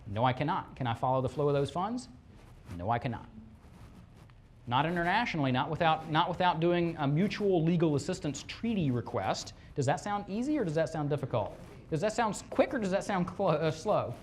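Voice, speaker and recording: A police fraud detective giving a lively classroom presentation, firing rhetorical questions at the audience and acting out scammers' lines in quick put-on voices. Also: mid-range voice, slight background noise. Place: presentation room with a live audience.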